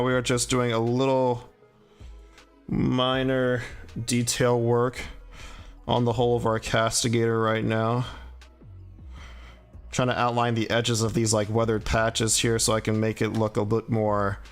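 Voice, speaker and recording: A man casually chatting on a livestream while painting miniatures, quietly thinking aloud as he works. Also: medium pitch, level tone, normal speed. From Southern US (Alabama family). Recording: soft background music.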